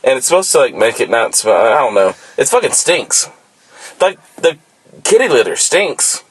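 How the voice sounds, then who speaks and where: A man's voice: mid-range voice, sing-song, moderate pace, breathy edge, no echo, rough recording. A man co-hosting a podcast, rambling through profane stories and banter. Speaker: podcast co-host. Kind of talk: casual chat.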